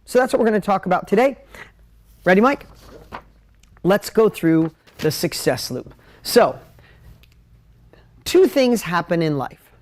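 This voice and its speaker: Animated man coaching a live audience. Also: sits high, unhurried, pauses often. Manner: animated, emotional, jumps between ideas; talks straight to viewers, asks for comments. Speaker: business coach hosting a live stream. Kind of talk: live motivational teaching at a whiteboard.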